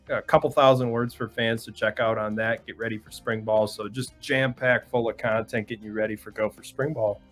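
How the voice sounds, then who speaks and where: Chatty man breaking down sports. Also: mid-range voice. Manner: quick, chatty analysis with many "like"s. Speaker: guest sports writer. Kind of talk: sports analysis chat.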